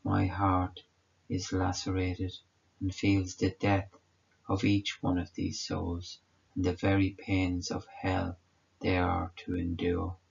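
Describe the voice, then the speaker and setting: A man voicing a suffering man of sorrows who speaks tenderly in a hushed, solemn and measured way. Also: low voice, gravelly, slightly rough, full character voice. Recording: dull lo-fi recording.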